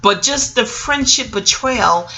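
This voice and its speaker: A middle-aged woman tells a story straight to the camera, animated and salty. Her voice has a gravelly, fry-laden edge. The tone is bright and forceful. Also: a little high, slow, low-quality recording. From New York City. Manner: animated, profane, talks straight to viewers. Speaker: vlogger and memoir author. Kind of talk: casual storytelling monologue.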